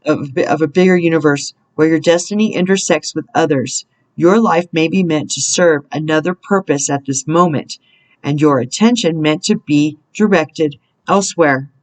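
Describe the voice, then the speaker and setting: A woman's voice: low-pitched, normal speed, a little mellow, poor audio. A woman in her fifties, a spiritual counselor reading an inspirational message aloud in an earnest way, stopping now and then to correct herself and exclaim. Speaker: spiritual counselor and card reader.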